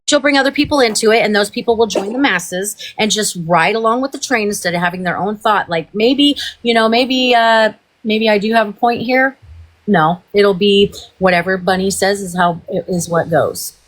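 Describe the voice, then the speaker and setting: A woman's voice: medium pitch, normal speed. A woman hosting a livestream, in a heated, profane and rambling rant. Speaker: livestream host.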